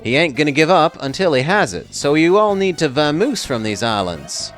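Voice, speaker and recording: A man's voice: fairly high pitch, sing-song, moderate pace, fairly bright tone, soft background music. A man doing a put-on Texan accent to voice a folksy old cowboy who owns a fossil park, drawling as he reads the game's lines.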